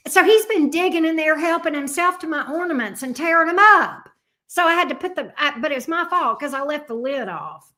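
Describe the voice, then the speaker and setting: A woman hosts a tarot livestream in a loose, chatty way. Her voice sits a little high for a woman. She drifts into playful, fond asides as she talks. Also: expressive, brisk, sharp tone. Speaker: tarot reader and channel host. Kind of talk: casual livestream chat.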